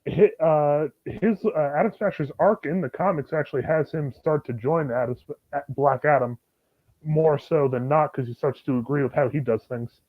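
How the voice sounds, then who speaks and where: A man's voice: fairly high pitch, moderate pace, no echo. Man on a tinny, phone-like line. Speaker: podcast co-host. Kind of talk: casual chat.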